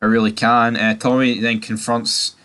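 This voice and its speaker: A man's voice: moderate pace, smooth. A man giving a casual spoken recap of a TV season, ranting animatedly and swearing a lot. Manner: animated, sweary ranting with sudden jumps in pitch. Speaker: TV review host.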